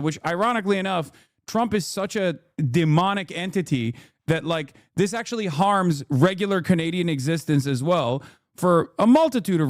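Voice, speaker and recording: Reacting to clips on his live stream, a male host delivers profane, mocking political commentary, heated and stuffed with filler words and curses. His slightly high voice comes through clean studio sound with no room echo.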